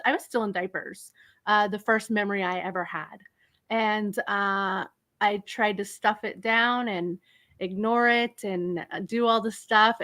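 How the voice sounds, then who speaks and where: A woman's voice: fairly high pitch, bright, forceful tone. A woman in her forties, a guest psychic talking frankly and casually, laughing easily and using blunt slang. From United States. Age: 40s. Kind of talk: casual interview chat.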